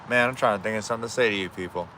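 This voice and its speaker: A man's voice: on the low side, very fast, background noise. A man chatting casually and swearing now and then while he cooks live outdoors for his viewers. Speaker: streamer cooking live. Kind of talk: casual live-stream chat. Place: outdoors at a home cookout.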